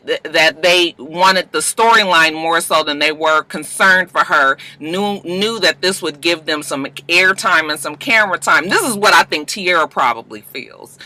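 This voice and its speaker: A woman's voice: sits low, pushed and bright. A woman vlogger recapping a reality show in casual, chatty, profane talk, addressing viewers directly. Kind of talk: casual chat.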